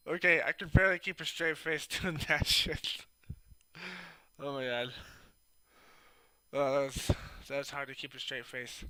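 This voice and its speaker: A man's voice: a little high, level tone, unhurried, long pauses, pushed and bright, smooth, no echo. A man talking casually in a commentary vlog, rambling and sarcastic with lots of fillers. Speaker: YouTube commentator.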